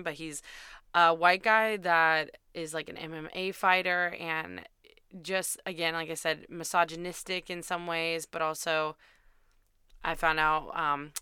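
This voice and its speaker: A woman's voice: on the low side, pushed and bright, smooth, no room sound, studio quality. A young woman host telling a candid, self-deprecating dating story in a chatty way, swearing freely. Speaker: podcast host.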